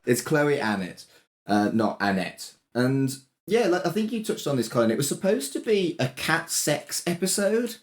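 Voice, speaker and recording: Brief: male co-host, casual and swearing, very expressive intonation. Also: on the high side, moderate pace, few pauses. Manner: lively, laughs often, swears casually. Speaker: podcast co-host. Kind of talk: casual chat.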